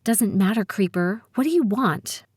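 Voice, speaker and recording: A woman's voice: mid-range voice, lively intonation, normal speed, darkish tone, slightly rough, dry recording, studio quality. A woman voicing a guarded, sarcastic seventeen-year-old girl in an audiobook. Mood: wary. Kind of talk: audiobook character voice.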